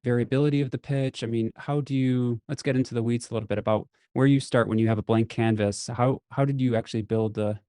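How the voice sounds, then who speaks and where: Male podcast host, mellow dark tone, dry sound, long questions, lots of mm-hmms. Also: medium pitch, steady tone, fast talker, hardly any pauses, clean tone, no room sound. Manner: asks long searching questions, many "mm-hmm" backchannels. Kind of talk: casual podcast interview.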